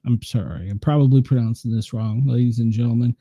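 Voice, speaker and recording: A man's voice: mid-range voice, brisk, mellow, no room sound, studio quality. A man with a Tennessee accent hosting his show, rambling through live weather radar in casual chat and poking fun at himself. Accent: Tennessee Southern. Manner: rambling, self-mocking, thinks aloud while clicking around. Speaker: show host.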